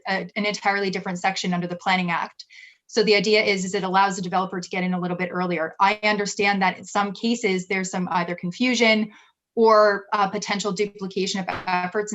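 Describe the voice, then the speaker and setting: A woman city staff member answering questions at a council meeting in a measured, explanatory way. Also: medium pitch, fairly bright tone.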